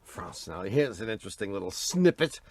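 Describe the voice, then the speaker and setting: A man co-hosting a radio car show, reading aloud and breaking into wheezy, high cackling laughter. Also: big pitch swings, unhurried, fairly bright tone. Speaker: radio co-host. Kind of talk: radio call-in show banter.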